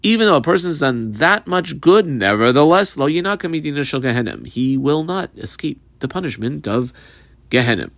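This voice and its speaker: A man's voice: a little high, sing-song, brisk, creaky, a bit bright, no room sound. A man teaching a Talmud class, reading Aramaic phrases and explaining them in English with many fillers.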